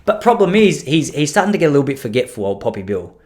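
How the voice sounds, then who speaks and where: A man in his thirties hosts a casual comedic solo podcast, speaking fast in a fairly high, slightly mellow, very animated voice. He rambles through stories and makes self-deprecating jokes.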